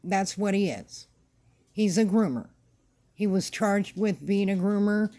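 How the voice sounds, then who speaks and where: Woman vlogger, blunt, repetitive rant delivery, unhurried pace, warm low-key tone. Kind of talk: casual opinion rant to camera.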